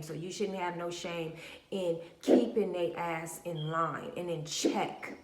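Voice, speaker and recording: A woman holds forth in a casual vlog, blunt and heavy on profanity, acting out her stories as she goes. Her voice sits a little low and the room around her sounds roomy and echoing. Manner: blunt, profane, animated storytelling. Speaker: spiritual vlogger. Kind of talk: casual monologue to camera.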